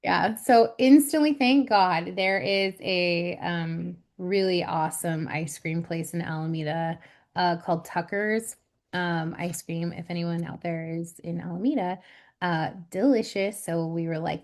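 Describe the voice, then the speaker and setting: A woman in her thirties co-hosting a podcast in casual chat, telling an animated story with lots of laughter and fillers. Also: on the low side, measured pace. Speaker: podcast co-host.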